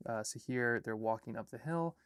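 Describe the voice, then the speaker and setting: A young Alaskan artist and filmmaker chats casually on a livestream, rambling through edits and reading chat comments and draft lines aloud. His medium-pitched, slightly bright voice moves at a normal speed, and the studio-quality recording is clean with no echo.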